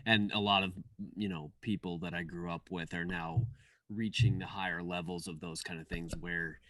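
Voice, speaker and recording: A man's voice: deep voice, fairly even intonation, moderate pace, a bit bright, no echo. A man chatting casually on a podcast in a hesitant way. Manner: hesitant, full of fillers. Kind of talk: casual chat. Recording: voice far from the mic.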